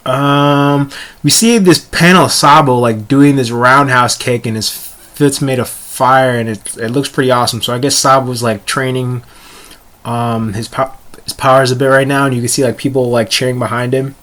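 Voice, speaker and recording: A man's voice: mid-range voice, steady tone, moderate pace, fairly bright tone. A young man casually reviewing a comic chapter, rambling and often stumbling over words and restarting.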